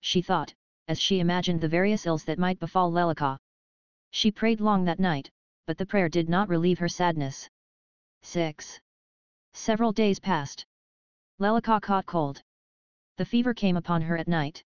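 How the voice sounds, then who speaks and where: A woman reading an audiobook aloud in a measured, unhurried narration style. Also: lowish voice, clean tone, no echo.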